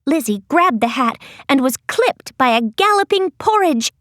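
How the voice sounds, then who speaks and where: A woman narrating an audiobook in a gentle, expressive storytelling voice. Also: sits high, normal speed, no echo, studio quality. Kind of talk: scripted narration.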